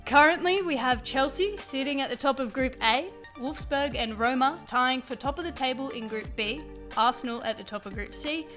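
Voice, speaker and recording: Young Australian woman, upbeat scripted sports news read, slightly high voice. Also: fairly bright tone. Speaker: segment presenter.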